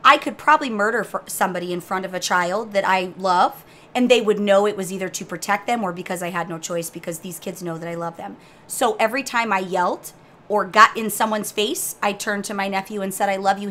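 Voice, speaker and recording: Brash, bright-voiced woman podcast host. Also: medium pitch. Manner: brash, profane storyteller, animated and quick to tease. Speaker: podcast co-host and guild master. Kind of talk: casual gaming podcast chat.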